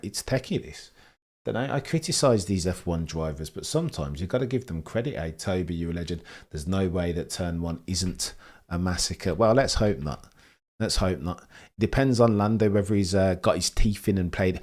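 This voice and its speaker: A young man hosts a live motor-racing stream, reading out viewer messages and riffing on them. His voice sits low and deep, and his delivery stays chatty and jokey. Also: moderate pace, darkish tone. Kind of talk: live race commentary and chat reading.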